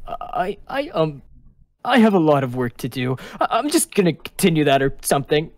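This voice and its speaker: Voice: medium pitch, expressive, normal speed, lightly acted. A streamer voicing a young, anxious male angel who rigs a ship, stammering and easily frightened. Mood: nervous. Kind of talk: Minecraft roleplay character voice.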